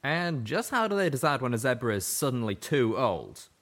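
A man's voice: medium pitch, sing-song, moderate pace, fairly bright tone, pitched above the performer's own voice. Male narrator's wary, questioning pony stallion for an audiobook. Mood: skeptical. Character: skeptical male pegasus pony. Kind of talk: audiobook character voice.

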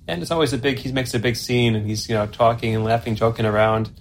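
A man in his thirties tells a family story in a relaxed, chatty way. He speaks at an ordinary pitch from a room in his home. A faint hiss of noise sits under his voice. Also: fast talker. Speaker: interviewee, family member. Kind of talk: casual storytelling.

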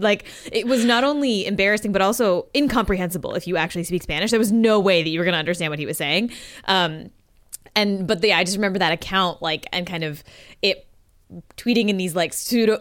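A woman hosting a podcast, telling anecdotes in a casual interview, animated and laughing as she goes. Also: medium pitch, no room sound, studio quality. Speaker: podcast host.

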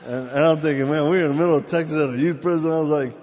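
A man's voice: a little high, very fast, a little hiss or hum. A man preaching a live sermon, telling stories with jokes, laughing at himself and acting out the voices of people he quotes. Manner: lively, joking, acts out quoted voices; laughs at his own jokes. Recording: long hall reverb.

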